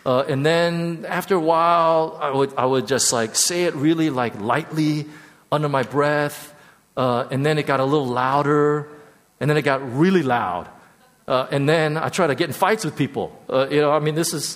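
Halting man speaking in a reverberant hall. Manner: halting, repeats words and restarts often; voice drops soft and low when emotional. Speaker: speaker sharing a personal testimony. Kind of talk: candid personal testimony.

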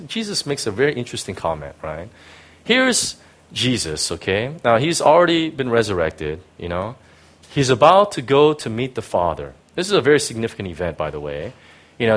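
A pastor preaching to a gathered congregation in an everyday, middle-pitched male voice. He moves dramatically between forceful peaks and soft, near-whispered passages. He keeps checking in with his listeners through casual asides. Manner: dramatic, swings from loud emphasis to hushed tenderness; conversational asides, frequent "right?" and "you know". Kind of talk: sermon. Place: before a live congregation.

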